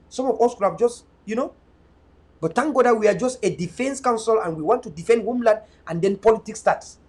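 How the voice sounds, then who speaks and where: A young man's voice sits high with a breathy edge. He is an activist and online media host from Cameroon's North West region (Bui), delivering an emphatic, fervent political monologue marked by repeated restarts.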